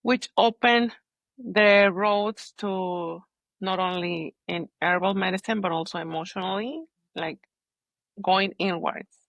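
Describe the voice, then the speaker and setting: A woman's voice: mid-range voice, slow pace, a bit bright, no room sound, muffled recording. A woman talks through her personal story in a candid podcast conversation. She halts and searches for words, but stays earnest throughout. The sound is dry, with no room around her voice. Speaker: podcast guest, holistic healer.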